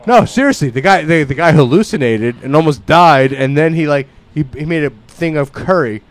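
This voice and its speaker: A man telling a story in casual chat, swearing, restarting his sentences and getting louder as he goes. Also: fairly high pitch, a little fast. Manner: loud, profane storytelling with frequent restarts.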